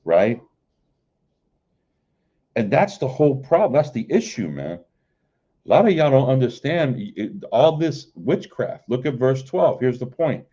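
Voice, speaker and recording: A man preaching an informal livestream sermon, repeating "man" and "right?" between phrases and reading scripture in a drawn-out way. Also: medium pitch, sing-song, mellow, dull audio. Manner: repeats "man" and "right?", stammers and restarts, slow KJV reading. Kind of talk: informal street-style sermon.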